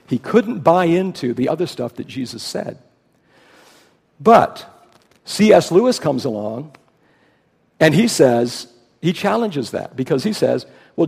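A man preaching with a gravelly, slightly husky voice that sits a little high. He leans hard into his key points. His words ring out with long reverb in a large hall. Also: darkish tone. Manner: emphatic, rising to stress key points. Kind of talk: sermon.

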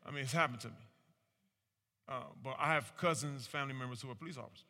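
Man, punchy and bright, call-and-response speaker in a reverberant hall; rhetorical, acts out voices. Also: mid-range voice, quick pace. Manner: animated, rhetorical questions, acts out quoted voices. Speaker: speaker at a community talk. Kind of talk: preaching-style public talk with audience call-and-response. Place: large room with an audience.

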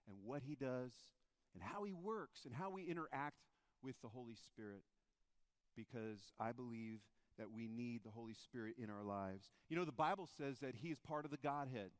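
A man, a pastor preaching a sermon, who tells the story with animated, playful energy. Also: medium pitch, no echo. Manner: animated storytelling, acting out the disciples' voices.

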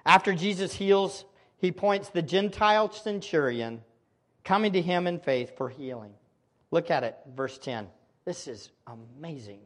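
A man preaching a sermon, animated, swinging between loud exclamation and hushed intensity, addressing his listeners as beloved. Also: fairly high pitch, a little slow.

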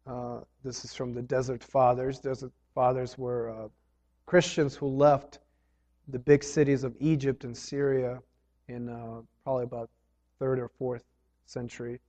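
A man preaching a sermon, earnest, rising loud on key phrases and dropping low between them. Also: flat delivery, a little slow. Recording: dull sound with long hall reverb.

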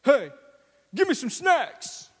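A man voicing a little girl who mimics her dad and loudly demands snacks in a bossy, whiny way. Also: very high-pitched, big pitch swings, takes it slowly, long reverb tail, voice pushed up, heavily acted. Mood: demanding.

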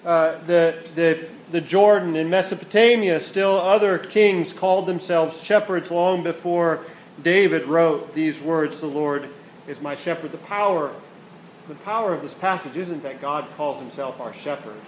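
A man's voice: fairly high pitch, a little slow, slight background noise. A man preaching a sermon with earnest build-up, often repeating words as he rises toward questions and falls back. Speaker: pastor. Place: church hall. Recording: echoey hall, faint ambience.

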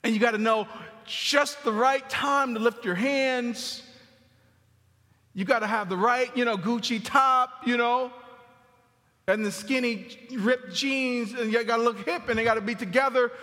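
A man preaching a sermon in a church sanctuary in a conversational style, repeating phrases for emphasis and dropping to a soft murmur on tender lines. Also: very high-pitched, unhurried. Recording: long hall reverb.

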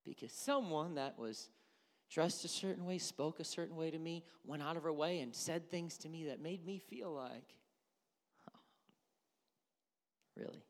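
Middle-aged male pastor, animated sermon delivery, acts out voices, swings loud to hushed, gravelly tone. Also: on the high side, measured pace, long pauses. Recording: reverberant hall.

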